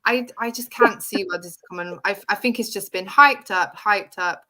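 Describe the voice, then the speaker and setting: Animated, bright-voiced woman chatting football. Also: medium pitch, moderate pace. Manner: animated, laughs often, quotes others. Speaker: football podcast co-host. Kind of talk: casual football chat.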